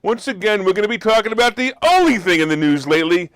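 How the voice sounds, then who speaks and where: Animated high-voiced male show host. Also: brisk, hardly any pauses, smooth, dry recording, studio quality. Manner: animated, sarcastic, bursts into loud mock outrage. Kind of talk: opinionated market commentary.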